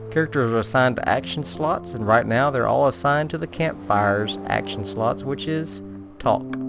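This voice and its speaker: A man giving casual, playful, self-mocking commentary on a video game. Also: mid-range voice. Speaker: let's play gamer.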